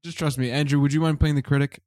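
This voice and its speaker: A man co-hosting a comedy podcast, chatting casually and then reading out stage directions for his own sketch in a playful, deadpan way. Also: on the high side, quick pace, no echo, studio quality. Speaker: podcast co-host presenting his comedy script. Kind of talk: casual chat and read-aloud script narration.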